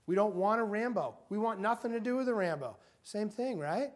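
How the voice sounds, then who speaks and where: A middle-aged man giving an energetic motivational talk to a university group, acting out quotes as he goes. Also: high voice, brisk. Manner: energetic, animated, acts out quotes. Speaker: guest speaker. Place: university meeting room.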